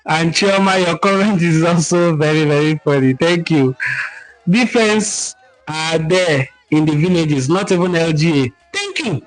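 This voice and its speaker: High-voiced Nigerian man, emphatic host. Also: unhurried, soft background music, poor audio. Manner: animated, emphatic teaching tone. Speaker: cultural talk host. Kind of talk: livestream talk reading viewer comments.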